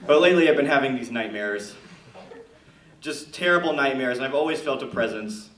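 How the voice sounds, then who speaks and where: A man's voice: mid-range voice, lively intonation, brisk, a bit bright. A man doing a stand-up comedy intro, hesitant and nervous with lots of fillers. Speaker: stand-up comic. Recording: echoey room, mic far off, noisy.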